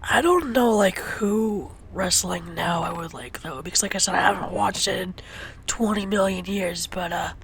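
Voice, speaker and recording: A woman chatting casually on a stream, giggly and often hushed and breathy. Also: fairly low pitch, normal speed, a crowd in the background. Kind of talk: casual chat.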